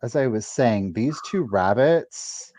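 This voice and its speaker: A man's voice: mid-range voice, lively intonation, takes it slowly, a little mellow, slight background noise. A man hosting a live sale, carefully describing each item in detail. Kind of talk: livestream sales pitch. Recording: dull, dry lo-fi sound.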